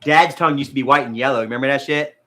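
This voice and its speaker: Racing along in a bright, forceful mid-range voice, this man chats casually as a vlogger going through live chat. His talk wanders, it's profane, and "bro" and "man" keep popping up.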